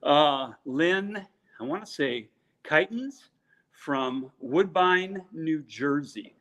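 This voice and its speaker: A man's voice: on the high side, lively intonation, extremely slow, sharp tone. Chatty man reading names on a live stream. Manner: chatty, joking, many fillers. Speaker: co-host reading out purse makers' names. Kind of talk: casual live-stream chat.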